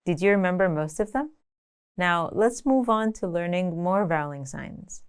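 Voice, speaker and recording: A woman giving a scripted language lesson, speaking clearly and deliberately, slowing down to say example words. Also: fairly low pitch, lively intonation. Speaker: language teacher.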